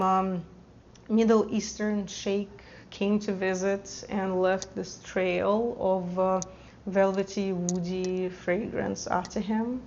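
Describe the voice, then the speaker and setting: A woman's voice: mid-range voice, a little mellow, slight background noise. Enthusiastic woman reviewing perfumes, slightly dull recording. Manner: enthusiastic, emotional, rambling with fillers. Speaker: fragrance vlogger. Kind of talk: casual product review to camera.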